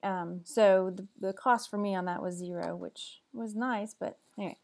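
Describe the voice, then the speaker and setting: A woman from Texas talks through her recent online sales in a casual, chatty vlog. She is matter-of-fact as she lists prices and profits. Her voice has a middling pitch. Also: steady tone, moderate pace, gravelly, a little mellow. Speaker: online reseller.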